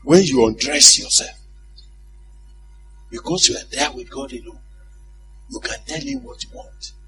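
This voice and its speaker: A man's voice: a little high, huge pitch swings, unhurried, a bit bright, soft background music. A male preacher giving a conversational sermon, often putting questions to his congregation and laughing at his own stories.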